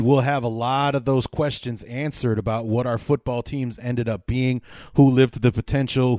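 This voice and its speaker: A male podcast host chatting casually, telling a story with lively, animated energy and plenty of fillers. His voice sits at a middling pitch, recorded dry and close with no room sound. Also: dry recording. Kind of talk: casual sports podcast chat.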